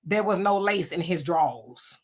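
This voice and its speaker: A woman hosting a casual livestream, reading out viewer comments and telling animated stories. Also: fairly low pitch, measured pace. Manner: animated storytelling with frequent laughs. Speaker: livestream host.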